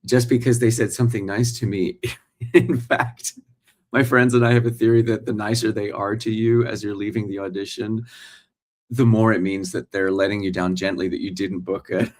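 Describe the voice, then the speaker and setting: On a laid-back live morning stream, an actor in his forties talks straight to viewers and reads their comments aloud. His voice sits on the low side, moves at normal speed, and shows little pitch variation.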